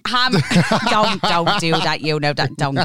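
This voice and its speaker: A woman's voice: fairly low pitch, slow pace, noisy background. A young Irish woman co-hosting a podcast, telling stories with acted-out dialogue. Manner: animated storytelling with acted-out dialogue. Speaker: podcast co-host. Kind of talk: casual chat.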